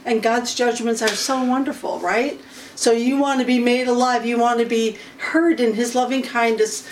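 A woman leads an informal Bible study in a slow, unhurried way, often pausing to clear her throat. Her voice sits a little high for a woman. She is recorded from some distance, with faint room noise behind her. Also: steady tone.

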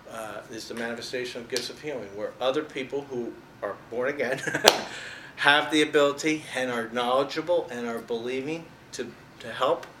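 A man's voice: mid-range voice, a bit bright. A man giving an informal Bible teaching in a conversational way, pressing hard on key words. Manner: conversational, stresses words, chuckles at own jokes. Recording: echoey room with faint noise.

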